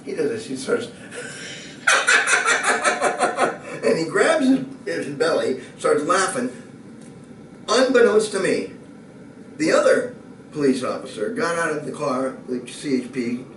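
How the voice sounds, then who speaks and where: Man, storyteller, lively swooping delivery, distant mic, echoey room. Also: a little high, slight background noise. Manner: lively, building to excited shouting and laughter. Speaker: speaker. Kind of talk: animated storytelling.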